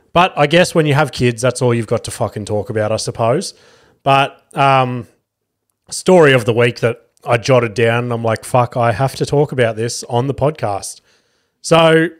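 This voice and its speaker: An Australian man hosting a casual solo podcast, rambling through a story and swearing often. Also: medium pitch. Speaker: podcast host.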